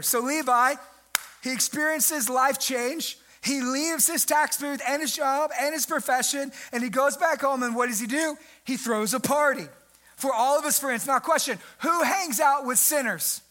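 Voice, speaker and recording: Young male pastor, very high bright voice, lively preaching with sharp jumps in pitch and volume. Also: moderate pace. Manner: animated preaching, jumps pitch and volume for emphasis, mimics people. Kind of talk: sermon.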